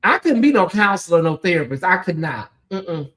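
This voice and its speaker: A channel host giving sassy live commentary on a TV show, reading viewer names aloud and breaking into loud exclamations. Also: mid-range voice, sing-song, normal speed.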